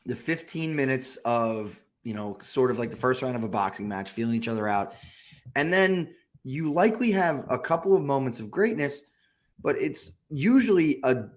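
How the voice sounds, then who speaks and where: A man co-hosting a football podcast in easy chat, laying out his points in a measured, analytical way and readily agreeing with his partner. His voice is mid-pitched. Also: animated. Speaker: podcast co-host.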